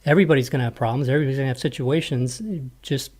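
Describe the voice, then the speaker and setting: A man's voice: mid-range voice, steady tone, rapid-fire, a little mellow. A man hosting a podcast interview, chatting casually and often filling with "you know" and "like". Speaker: podcast host.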